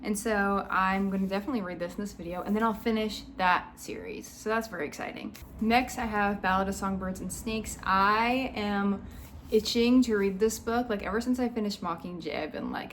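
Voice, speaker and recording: This young book vlogger talks briskly in a medium-pitched voice, with slight background noise from her propped-up phone. In a casual reading vlog, she goes over her planned reads and gets chatty and exasperated ranting about characters, peppering everything with "like".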